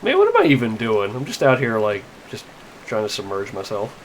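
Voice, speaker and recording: A man's voice: on the low side, wildly swooping pitch, brisk, slight background noise, rough recording. A young man giving casual, rambling gameplay commentary, wry and full of fillers and swearing. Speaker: let's play gamer. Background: faint game music.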